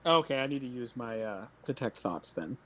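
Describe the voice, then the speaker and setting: A man's voice: medium pitch, animated, moderate pace, bright, forceful tone. A man playing a tabletop game, chatting casually and slipping into theatrical in-character lines. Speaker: player.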